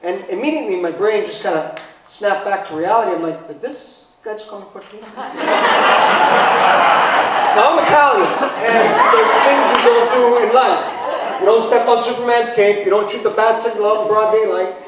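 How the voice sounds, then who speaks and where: A man in his forties giving a humorous personal talk, telling a story in a sarcastic way, with sudden loud exclamations. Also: sits high, moderate pace, heavy background noise. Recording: very echoey hall from far off.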